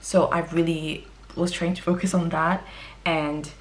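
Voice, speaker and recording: Chatty young woman reviewing books. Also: low-pitched. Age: young adult. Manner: chatty and expressive, quick exaggerated exclamations. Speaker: book vlogger. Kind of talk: casual book review monologue.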